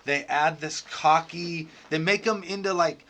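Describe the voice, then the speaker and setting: A man co-hosting a podcast in casual, profane, slangy chat, excitedly acting out scenes with sound effects. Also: a little high, a little slow. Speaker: podcast co-host.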